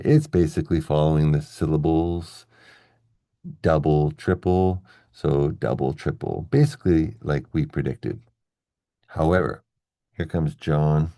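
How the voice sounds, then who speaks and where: Low gravelly guy teaching english, keeps asking "okay?", dry close sound. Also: mellow, no echo. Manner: explains step by step, checks in with "okay?" and "right?". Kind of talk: classroom-style video lesson.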